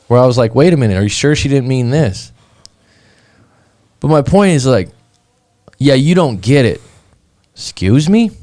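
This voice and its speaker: A male coach rants through a casual monologue, blunt and not shy about swearing. His voice is mellow and dark, pitched in a middle range for a man. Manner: blunt, swears, retells online arguments. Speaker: breakup coach and podcast host.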